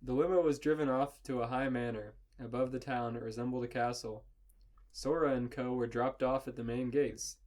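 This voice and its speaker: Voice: mid-range voice, steady tone, normal speed, darkish tone. A podcast host reading fan fiction aloud as a comedy bit, often breaking into laughter. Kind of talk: comic read-aloud with banter.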